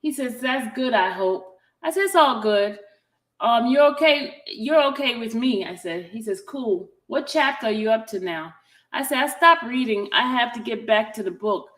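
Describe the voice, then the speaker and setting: A woman talks casually to her viewers, reading text messages aloud and adding her own asides between them. Her voice sits a little high, and the recording carries a roomy echo. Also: lively intonation, normal speed, a bit bright. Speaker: vlogger.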